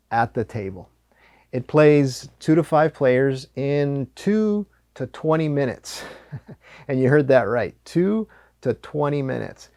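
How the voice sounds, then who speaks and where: A man's voice: medium pitch, darkish tone, dry recording. Man explaining a card game, dry sound. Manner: friendly, explanatory. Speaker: board game reviewer. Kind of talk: casual game preview.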